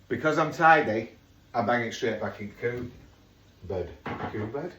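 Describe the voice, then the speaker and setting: A man's voice: medium pitch, animated, a little slow, fairly bright tone, highs cut off. Rambling Yorkshire man cooking in a kitchen. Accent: Yorkshire English. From Yorkshire, England. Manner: rambling, jokey asides. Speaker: home cook vlogger. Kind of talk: casual cooking chatter. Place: home kitchen. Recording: echoey kitchen, mic far off, noisy.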